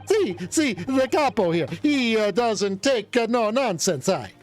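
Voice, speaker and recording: A man voicing a boastful, theatrical Italian witness with a put-on Italian accent, telling his story with showy, dramatic pauses. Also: high voice, big pitch swings, soft background music. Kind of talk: voicing game characters.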